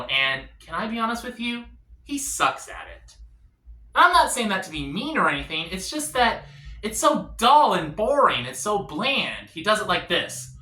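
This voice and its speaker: A man doing an awkward, self-deprecating stand-up comedy set, dropping to quiet punchlines. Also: high voice, big pitch swings, normal speed, roomy sound.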